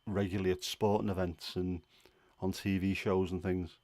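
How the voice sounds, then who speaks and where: A man's voice: sits low, flat delivery, moderate pace, darkish tone, no echo. A man with a Scouse accent from Liverpool, hosting a livestream and chatting casually with viewers, rambling with plenty of fillers. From Liverpool, England. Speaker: livestream host. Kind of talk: casual chat answering viewers.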